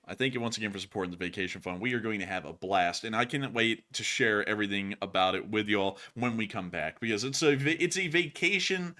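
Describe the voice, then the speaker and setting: Lively, bright-voiced man. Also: lowish voice. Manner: animated, chuckling, rambling with fillers. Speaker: host of war news stream. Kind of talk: casual live-stream chat.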